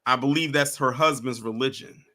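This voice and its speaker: A man's voice: mid-range voice, normal speed, bright, forceful tone. A man hosting a casual reaction stream, talking straight to his viewers and chat. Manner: conversational, addresses viewers as y'all. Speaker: host reacting to clips.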